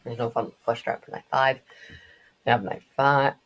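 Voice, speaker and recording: A young woman with a notably low voice chats her way through a game's backstory. She drifts easily into joking asides and quick tangents, in a casual, offhand tone. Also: steady tone. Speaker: game lore commentator. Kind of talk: casual commentary.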